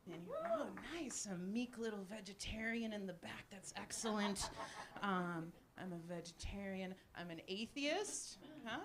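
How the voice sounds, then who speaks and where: Woman comic in her forties, live club set, deadpan self-mocking delivery, noisy room. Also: medium pitch, a little slow. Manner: deadpan, self-deprecating, frequent ums and laughs. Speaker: stand-up comedian. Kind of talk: live stand-up set with crowd work. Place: small cafe stage with live audience. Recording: noisy live cafe recording.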